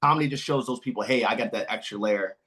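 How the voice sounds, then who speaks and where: An American man hosts a casual podcast interview, talking in a loose, hesitant way. His voice has a middle pitch for a man and comes over a video call. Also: fast. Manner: relaxed, hesitant, many fillers. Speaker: podcast host.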